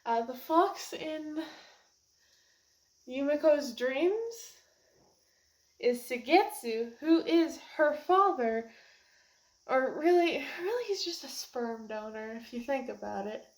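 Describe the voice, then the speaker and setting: Teary high-voiced young woman reviewer. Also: lively intonation, takes it slowly, long pauses, darkish tone. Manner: emotional, rambling, laughs often and near tears. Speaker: book reviewer. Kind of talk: casual book review vlog.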